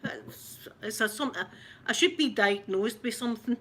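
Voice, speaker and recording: Heavy background noise surrounds a middle-aged Scottish ASMR host chatting on her livestream. Unhurried and a bit high-pitched, she rambles on and greets viewers by name.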